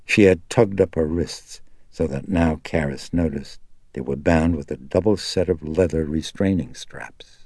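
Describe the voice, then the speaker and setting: Male audiobook narrator for horror; extremely low, gravelly, unhurried. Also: darkish tone, no room sound, clean studio sound.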